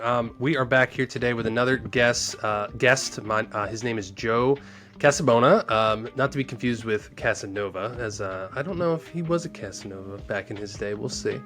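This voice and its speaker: A man hosts a podcast in a relaxed, chatty way, full of restarts and fillers. His voice sits in an everyday middle pitch. Faint music plays underneath. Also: moderate pace. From Pennsylvania. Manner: energetic, loose, filler-heavy. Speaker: podcast host. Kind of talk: casual podcast chat.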